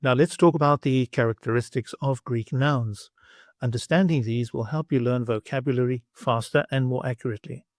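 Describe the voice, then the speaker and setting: A man reads a scripted language lesson in a slow, clear, instructive way. His voice sits at an ordinary middle pitch. The recording is a dry, close voice-over with no room sound. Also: no echo. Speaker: language teacher.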